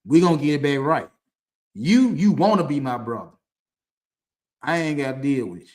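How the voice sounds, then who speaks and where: A man's voice: on the high side, expressive, normal speed, pauses often, darkish tone. A man hosting a talk stream, telling a personal story in a loose, rambling way with restarts, from a dim room. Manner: loose, conversational, with frequent restarts and laughs. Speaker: podcast host. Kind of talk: casual storytelling to camera. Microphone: streaming setup mic.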